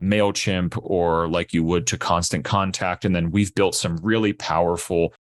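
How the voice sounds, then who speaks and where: A young man as a podcast guest, explaining his startup in a steady pitching manner. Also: normal speed, no room sound, studio quality. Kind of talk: podcast interview.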